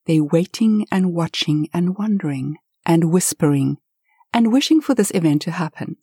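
A woman telling a story aloud in a lively, expressive way, with dramatic swells. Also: on the low side, normal speed, slightly rough, no echo, studio quality. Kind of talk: told story narration.

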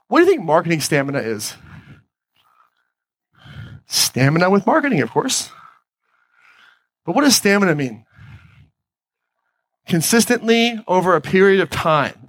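An energetic man in a fairly high register delivers a motivational talk from a stage, often turning to his audience with questions. His voice comes through dry and close, with little room sound. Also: dry recording. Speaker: podcast host giving a talk on stage. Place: stage before a live audience.

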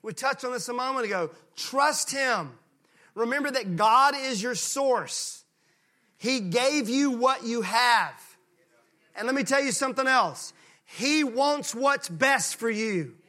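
Very high-pitched and animated, this Mississippi pastor gives a forceful sermon, easing his pace to underline what matters most. When he imitates folksy characters, his voice goes quiet.

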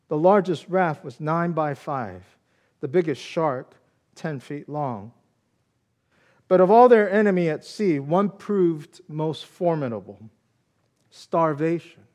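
A man preaching a Palm Sunday sermon, reading scripture and then telling a story in an earnest, measured way. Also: fairly high pitch, a little mellow. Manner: earnest storyteller, slows for emphasis. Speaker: pastor.

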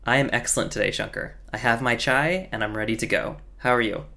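A man co-hosting a podcast, reading a scripted intro in an upbeat, friendly and clear way. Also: medium pitch, fast, pushed and bright. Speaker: podcast co-host.

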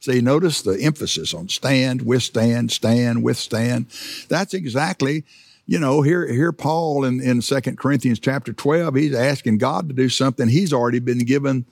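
Middle-aged preacher, gravelly, dry close sound, conversational, hammers key words. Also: male voice, medium pitch, moderate pace, a little mellow, dry recording. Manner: conversational, repeats words for emphasis. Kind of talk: sermon.

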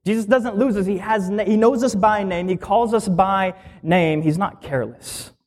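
A man's voice: high voice, moderate pace. A male minister giving a sermon in a conversational teaching style, explaining scripture plainly and asking the listeners questions.

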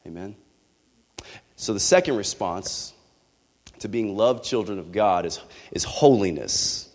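A man's voice: lowish voice, lively intonation, measured pace, darkish tone, big-room sound. A man preaching a sermon, telling a candid personal story with rising passion.

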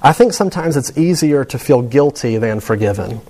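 A man reading the calm, gentle lines of a female hospital chaplain. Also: medium pitch, moderate pace. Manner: gentle, soothing.

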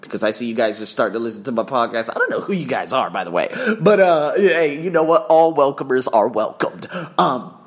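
A man's voice: mid-range voice, a little fast, hardly any pauses. A young man hosting a casual solo podcast, telling travel stories with lots of swearing and acted-out quotes. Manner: animated, profane storytelling with acted-out quotes. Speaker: podcast host.

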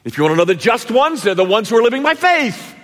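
A man preaching a sermon to his congregation, emphatic, with dramatic pauses and rhetorical questions. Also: extremely high pitch, very animated, fairly bright tone. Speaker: pastor. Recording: long echoey church reverb.

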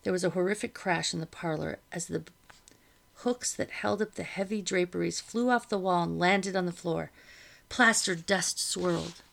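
A woman reading a novel aloud to listeners in a steady storytelling manner, with a gravelly voice. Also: lowish voice, normal speed.

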